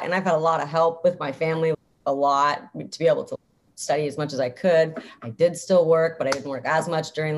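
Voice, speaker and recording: A woman's voice: deep voice, slight background noise. A young adult woman, a guest in an interview, talking casually in an upbeat, chatty way, full of "like" fillers.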